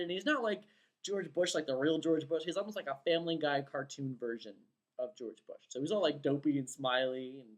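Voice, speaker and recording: Rambling young woman recounting a dream. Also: low voice. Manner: rambling, filler-heavy, acts out quotes excitedly. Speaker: vlogger. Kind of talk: casual storytelling vlog.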